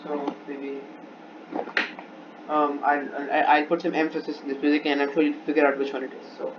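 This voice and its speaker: A man's voice: fairly high pitch, completely flat delivery, normal speed. Hesitant man teaching music theory. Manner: hesitant, restarts and repeats often. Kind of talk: unscripted lesson with demonstrations. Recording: dull lo-fi recording with instrument playing.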